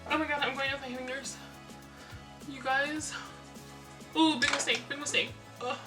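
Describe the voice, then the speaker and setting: A young woman vlogging casually to camera, flustered and rushed, laughing at herself. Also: high voice, fairly even intonation, distant mic, music in the background. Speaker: beauty vlogger.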